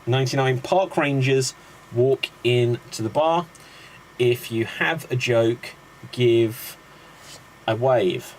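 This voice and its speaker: A man's voice: medium pitch, lively intonation, takes it slowly, slight background noise, poor audio. A man hosting a live improv comedy show, chatty and upbeat as he introduces the games. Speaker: host.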